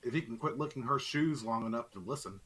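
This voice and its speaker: A man's voice: mid-range voice, fast talker, a bit bright, husky. A man playing a tabletop game, brash and taunting in character. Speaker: player.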